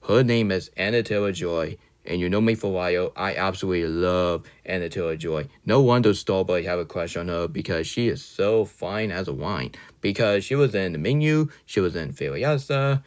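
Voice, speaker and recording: A man's voice: deep voice, normal speed, hardly any pauses, clear, resonant tone. A man giving a casual, opinionated movie review, rambling and often correcting himself mid-sentence. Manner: opinionated, ranting at times. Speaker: film reviewer.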